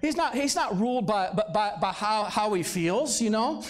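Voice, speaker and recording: A man's voice: high-pitched, animated, normal speed. A male pastor preaching a sermon in a church service, talking conversationally and throwing rhetorical questions at the congregation. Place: church sanctuary, live service.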